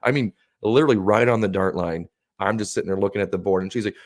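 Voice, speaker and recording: A man with a somewhat low voice tells a long, meandering story in casual podcast chat. He swears freely and jumps into animated quotes of other people. The sound is close and dry. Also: fast, few pauses, no room sound. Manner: rambling, profane, animated quoting of others. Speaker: podcast co-host.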